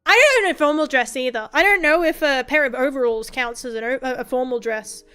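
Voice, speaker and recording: High-voiced rambling woman streamer. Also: fairly quick, pushed and bright, clean tone. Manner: rambling, self-interrupting with stammered restarts; candid and profane. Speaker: VTuber streamer. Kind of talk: casual chat stream.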